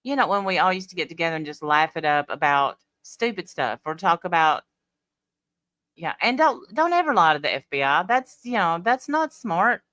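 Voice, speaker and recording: Low-voiced chatty woman streaming live. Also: sing-song, moderate pace, a bit bright, no echo. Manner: chatty, blunt, talks back to chat. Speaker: livestream host. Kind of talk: casual live chat reading comments.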